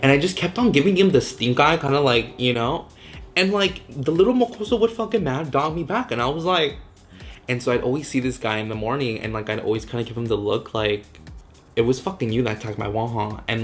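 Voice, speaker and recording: A Southern California vlogger in his twenties tells a casual storytime, swearing constantly, leaning on "like," dropping in Spanish words and acting out his own reactions. His voice is on the low side with a fairly bright tone.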